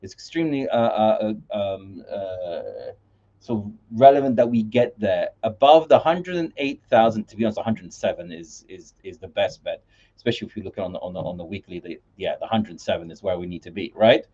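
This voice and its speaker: A man's voice: fairly low pitch, fairly quick, dark tone, highs cut off. A man hosting a casual crypto market livestream, rambling with many fillers and restarts while sharing his screen.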